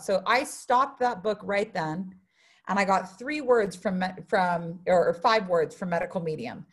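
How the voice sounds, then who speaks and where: A woman's voice: mid-range voice, normal speed. Blunt, profane woman preaching to a crowd. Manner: blunt, profane and animated, swings from hushed to loud. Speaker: spiritual speaker. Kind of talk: live motivational talk to an audience.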